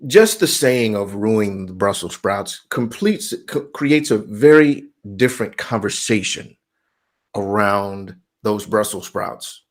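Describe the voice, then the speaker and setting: Guy in his 40s, motivational vlog story, animated, laughs and fake outrage. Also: fairly low pitch, slow. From United States. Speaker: host of a daily reminder series.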